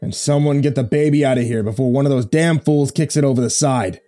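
A man doing an urgent rough fisherman. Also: mid-range voice, a little fast, mellow, soft background music, voice pushed up, close to an everyday voice. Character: burly adult fisherman and councilor, urgent.

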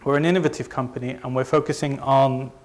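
This man, a company presenter from Leeds in northern England, talks a live conference audience through his slides in a Northern English accent, relaxed and chatty. He mocks himself and frequently restarts his sentences. His voice sits in an ordinary middle range for a man, with fairly even intonation, and he talks fast.

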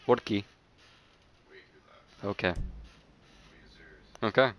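A man livestreaming a game, chatting casually with viewers, joking, swearing freely, laughing often and shouting at the game. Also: lowish voice, very slow. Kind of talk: casual gaming livestream chat.

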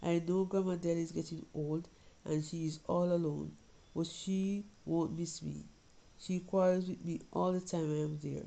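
A woman's voice: on the low side, fairly even intonation, moderate pace, vocal fry, dark tone, rough recording. A woman reading a story as an anxious young Jamaican girl, confiding and pleading with her mother. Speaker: reader of a short story.

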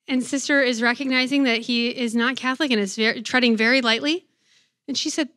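A religious sister gives a faith talk to college students in a high, bright voice. She lingers reverently over scripture and turns playful when she tells stories. The recording is dry and close. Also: brisk, no echo.

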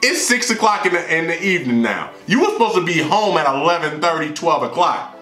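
A man's voice: a little high, expressive, a little fast, bright, forceful tone. A man voicing his blunt female friend on the phone, in a plain, matter-of-fact way, recorded in a roomy space with faint music. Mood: scolding.

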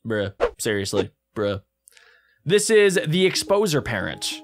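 A man giving casual, excitable and playful commentary while reacting to videos. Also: medium pitch, unhurried, soft background music.

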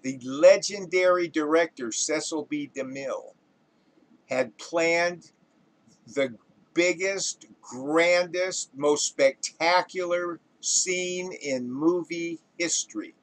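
A man tells a classic joke, building it up with lively storytelling and voicing its characters. His speaking voice sits slightly high for a man. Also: slow pace, poor audio. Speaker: joke teller. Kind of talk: telling a joke.

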